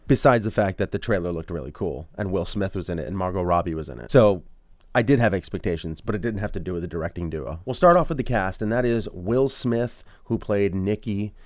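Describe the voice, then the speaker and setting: A lower-pitched man hosts a casual movie review in an upbeat, chatty tone, tossing in playful asides. The recording is dry and close, with no room sound. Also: a little mellow, no room sound.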